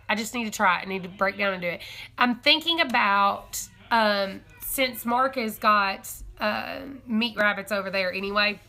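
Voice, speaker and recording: A young woman hosting a homesteading live stream, chatting casually and excitably with viewers, thinking aloud and laughing often. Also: mid-range voice. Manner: rambling, self-correcting, thinking aloud.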